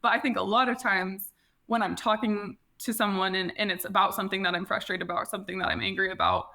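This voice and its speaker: Bright-voiced woman, reflective podcast guest. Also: mid-range voice, fairly even intonation, fast. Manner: reflective, frequent "like" fillers and restarts. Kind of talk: casual conversational interview.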